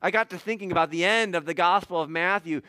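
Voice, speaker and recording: A male pastor preaching with a bright, forceful, fairly high voice. He swings from loud emphatic peaks down to hushed asides and chuckles often. The sound is dry and close, with no room echo. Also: fast talker. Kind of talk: sermon.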